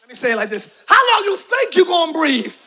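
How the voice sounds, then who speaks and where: A man preaching a live sermon in a church, shouting his points and calling on the congregation to answer. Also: very high-pitched, very animated, a little fast. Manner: preaching with shouted emphasis and call-and-response to the congregation. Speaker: pastor. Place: church sanctuary.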